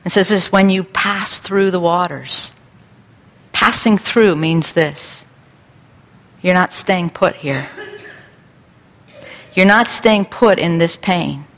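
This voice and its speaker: A woman's voice: lowish voice, takes it slowly, long pauses, fairly bright tone. Earnest woman preaching in a reverberant hall. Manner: earnest, repetitive preaching cadence. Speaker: pastor. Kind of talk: sermon.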